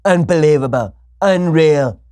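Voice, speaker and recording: A man's voice: on the high side, unhurried, a little mellow, natural voice. A man voicing a blustering, furious male president who makes over-the-top threats in a mocking bit.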